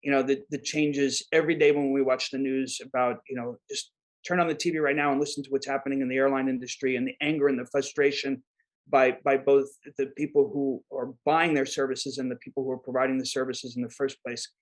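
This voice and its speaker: A man with a New York accent, answering as a guest expert in an interview, halting with many fillers and repeated words. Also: mid-range voice, flat delivery, rough recording. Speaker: guest expert on disaster preparedness.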